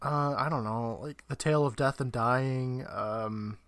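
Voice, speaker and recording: A man's voice: mid-range voice, unhurried, fairly bright tone, a little hiss or hum. A man co-hosting a podcast, recapping an episode in casual chat and laughing often. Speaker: podcast co-host.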